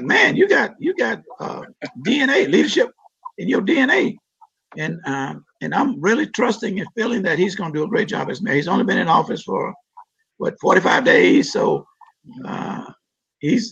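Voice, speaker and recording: A man with a raised, gravelly voice and a husky edge, talking about his community in an earnest, emphatic way. He often repeats words as he pushes a point. The audio is dull and lo-fi, like a live stream. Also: a little high, fairly bright tone. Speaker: city council member guest. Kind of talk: interview answers about community issues.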